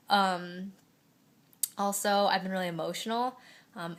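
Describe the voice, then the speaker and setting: A young woman with a fairly low voice talks straight to the camera at home. She rambles through a casual pregnancy update, laughing often and getting emotional along the way. The sound comes from a simple camera mic. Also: fairly bright tone. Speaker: vlogger.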